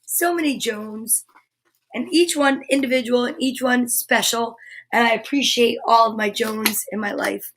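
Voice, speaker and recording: A woman hosting a casual vlog, gushing warmly and affectionately to her viewers in an unhurried way. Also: a little high, a little hiss or hum, rough recording. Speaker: comedian and vlog host.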